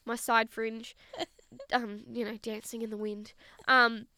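A woman in her twenties co-hosting a podcast, telling stories in a casual, animated way. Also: fairly high pitch, slow, no room sound, clean studio sound. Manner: animated storytelling with quoted voices. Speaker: podcast co-host. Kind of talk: casual chat.

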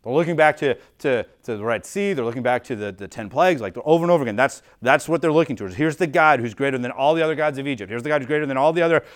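Here a pastor's sermon comes across as casual and explanatory, delivered rapid-fire with few pauses. His medium-pitched voice has lively intonation, and he keeps restarting phrases and using "like" as he goes through the passage.

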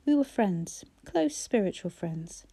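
Calm, gentle man, quietly grieving, read by a woman narrator; dark, mellow voice. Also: medium pitch, slow, gravelly, husky, exaggerated voice. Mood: tender.

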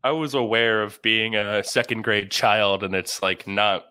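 A man's voice: on the low side, unhurried, pushed and bright, smooth, no room sound. A young man co-hosting a podcast, profane and giggly as he tells stories. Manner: giggly, profane, breaks into laughter. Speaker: podcast co-host. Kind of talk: casual chat, storytelling.

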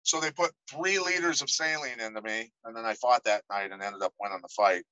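Animated, bright-voiced middle-aged man telling stories. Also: medium pitch, brisk, dry recording, rough recording. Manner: animated storyteller, acts out quoted voices. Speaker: podcast guest, former fighter. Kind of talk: casual storytelling interview.

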